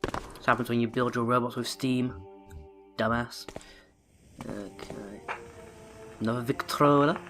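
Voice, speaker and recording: A man's voice: medium pitch, a little slow, pauses often, music in the background. A man hosting a let's play, giving joking, self-mocking gameplay commentary into a desk microphone and talking to the game character.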